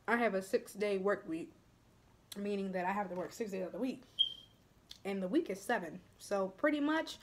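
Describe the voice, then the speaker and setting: Chatty young woman vlogger, soft asides. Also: medium pitch. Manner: chatty, addresses viewers as y'all, drops to soft near-whispers. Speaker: mukbang vlogger. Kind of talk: casual chat while eating.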